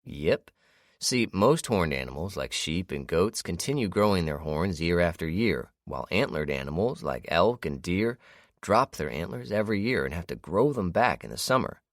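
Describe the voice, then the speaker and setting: A man reading an audiobook, voicing a calm, patient hunter who explains things at length. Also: deep voice, moderate pace, no echo, clean studio sound. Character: grown man, a hunter and guide, calm and steady.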